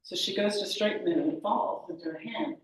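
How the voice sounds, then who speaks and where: A woman telling a story aloud to a small group, animated and correcting herself as she goes, recorded from far away in a historic house. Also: mid-range voice, fairly quick, a little hiss or hum. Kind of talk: live oral storytelling. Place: meeting room of a historic house. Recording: very echoey room, distant mic.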